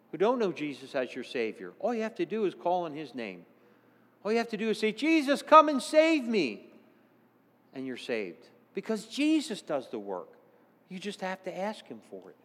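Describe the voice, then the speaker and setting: A man's voice: high voice, very animated, normal speed. Man preaching in a reverberant church. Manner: earnest, swings between hushed and exclaiming. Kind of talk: sermon.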